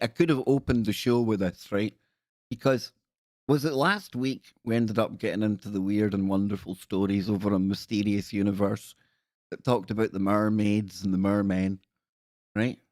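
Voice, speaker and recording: A man's voice: fairly low pitch, fairly even intonation, moderate pace, a little mellow, dry recording, clean studio sound. A Glaswegian man from Scotland hosting a live stream, chatting in a jokey, rambling way and often breaking off mid-sentence. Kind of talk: casual live-stream chat.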